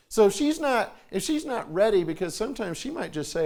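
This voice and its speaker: A man's voice: big pitch swings, brisk, darkish tone. A man in his forties giving a folksy conference talk, acting out quoted voices. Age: 40s. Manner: folksy, acts out quoted voices with jumps in pitch. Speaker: conference speaker.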